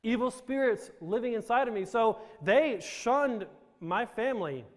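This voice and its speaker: High-voiced man joking in a big hall. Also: animated, unhurried. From Romania. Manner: joking, self-deprecating, rambling with restarts. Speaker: speaker telling his life story. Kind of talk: humorous storytelling to a live audience. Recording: reverberant hall.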